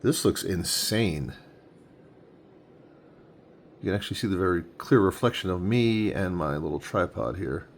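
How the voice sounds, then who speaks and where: Gravelly-voiced man in his forties unboxing. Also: deep voice, animated, unhurried, long pauses, a little hiss or hum. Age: 40s. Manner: enthusiastic, thinking aloud while handling items. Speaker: comic collector unboxing comics. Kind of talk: casual unboxing vlog. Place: home room with a tripod-mounted camera.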